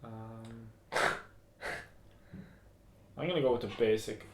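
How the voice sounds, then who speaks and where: A man's voice: medium pitch, fairly quick, darkish tone, a little hiss or hum. A young man co-hosting a podcast in casual chat, rambling, swearing a lot and laughing often. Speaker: podcast co-host. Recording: echoey room.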